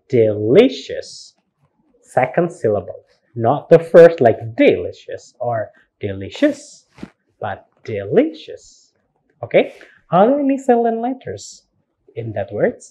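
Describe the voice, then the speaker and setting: A man with an Indonesian accent teaching phonetics in a recorded university lecture, slowly spelling out words and repeating them. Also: a little high, huge pitch swings, dark tone, husky, dull audio. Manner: slow, spells words letter by letter, repeats words for practice.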